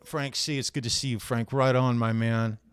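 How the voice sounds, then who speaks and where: A man's voice: medium pitch, flat delivery, normal speed, clean tone, no echo, studio quality. A man hosting a casual live show, greeting viewers one by one in a laid-back, friendly way and sounding worn out from hard physical work. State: worn out from heavy physical labor.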